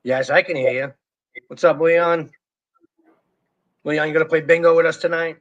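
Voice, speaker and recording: On a casual livestream, a middle-aged co-host reads out viewer comments in an easygoing, chatty manner. His voice is on the high side and a bit bright, steady in tone, at a moderate pace, though the recording is muffled.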